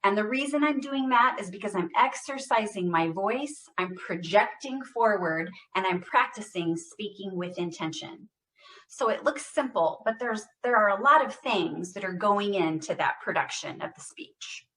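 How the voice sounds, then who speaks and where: A woman speech therapist leading a guided voice exercise class over a computer mic. She speaks deliberately, stresses every word and projects loudly when she models phrases. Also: medium pitch, expressive. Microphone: computer mic on a video call.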